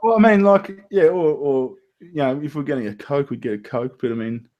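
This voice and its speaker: A man's voice: medium pitch, brisk, muffled recording. Aussie guy hosting a chat stream, swears a lot, keeps restarting his sentences. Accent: Australian. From Australia. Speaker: podcast host. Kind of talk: casual chat.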